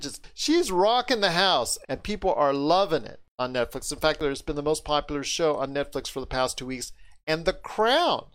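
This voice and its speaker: A man from the United States hosting a podcast, talking with enthusiastic, drawn-out emphasis. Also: a little high. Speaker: podcast host. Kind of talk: casual podcast chat.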